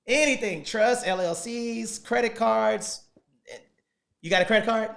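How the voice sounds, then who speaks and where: A man's voice: sits high, measured pace, vocal fry, a bit bright. Guy hosting a live business stream, coaxing questions then hyped talk to the viewers, says guys a lot. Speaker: host and parent coaching his kids. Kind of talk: casual livestream pitch to viewers.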